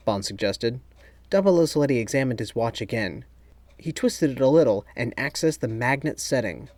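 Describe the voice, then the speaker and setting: Steady male audiobook narrator. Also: medium pitch, normal speed, dry recording. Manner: steady, even storytelling. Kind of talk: scripted narration.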